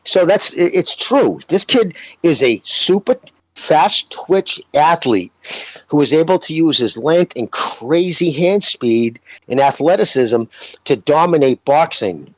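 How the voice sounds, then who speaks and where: A man co-hosting a podcast, telling boxing stories in a blunt, profane, animated way. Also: on the high side, measured pace, no echo, lo-fi sound. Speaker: podcast co-host, former fighter. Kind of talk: casual podcast chat.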